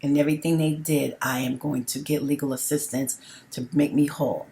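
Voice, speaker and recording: A woman's voice: deep voice, steady tone, brisk, gravelly, dark tone. A middle-aged woman talking straight to her viewers in a personal vlog, emphatic and repetitive, often checking in with "okay?". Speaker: vlogger.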